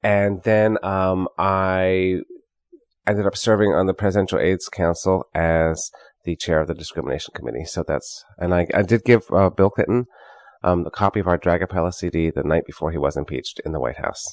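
A middle-aged man, a singer in a drag a cappella group, trading deadpan bawdy wisecracks in a radio interview. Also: low-pitched, normal speed, dry recording, clean studio sound.

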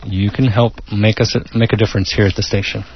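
A man co-hosting a talk radio show, relaxed and promotional. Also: fairly low pitch, quick pace, a little hiss or hum. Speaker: radio co-host. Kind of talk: casual talk radio chat. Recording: dry dull lo-fi radio recording.

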